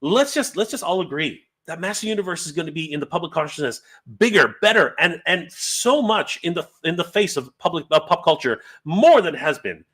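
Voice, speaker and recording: A man in his forties hosting a live reaction stream, excited and rambling, stumbling over his words as he reads out viewer comments. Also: a little high, a little fast, few pauses. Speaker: YouTube host.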